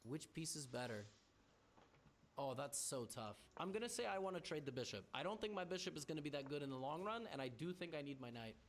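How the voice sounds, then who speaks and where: A man's voice: fairly high pitch, big pitch swings, a little fast, slight background noise. A man playing chess and thinking his moves through aloud, with stammering restarts and wry teasing of his opponent. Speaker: chess streamer.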